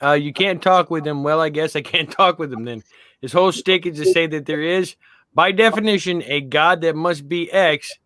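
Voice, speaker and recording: Guy with a bright, tense voice, dry close mic, matter-of-fact. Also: on the high side, normal speed, no echo. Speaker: guest. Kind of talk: casual chat.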